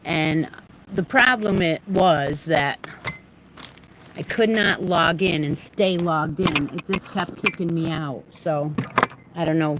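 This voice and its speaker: Slow, low-voiced woman rambling on stream. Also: noisy background. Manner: rambling, laughs often. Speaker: crochet channel host. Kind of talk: casual live-stream chat. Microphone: phone propped on a desk.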